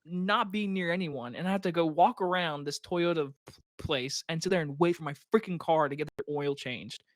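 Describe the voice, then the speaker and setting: A young man co-hosting a podcast in casual chat, animated and ranting, swearing freely. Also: fairly high pitch, normal speed, no echo, studio quality. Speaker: podcast co-host.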